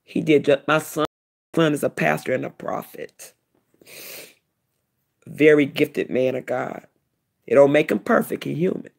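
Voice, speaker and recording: A middle-aged woman giving an emotional personal testimony, telling her story in an animated, repetitive way. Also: sits low, measured pace, creaky, pauses often. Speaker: vlogger, self-described prophetess.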